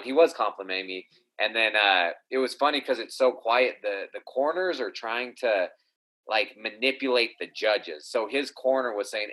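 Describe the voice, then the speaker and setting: A man with a crisp, bright tone talks casually as a guest. He halts often and repeats words while he gathers his thoughts. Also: on the low side, moderate pace, low-quality recording. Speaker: guest fighter. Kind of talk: casual chat.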